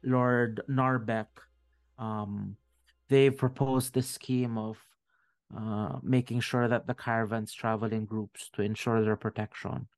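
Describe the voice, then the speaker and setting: A man voicing a calm male official in a fantasy game who explains orders in a matter-of-fact way. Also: on the low side, takes it slowly. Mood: explaining.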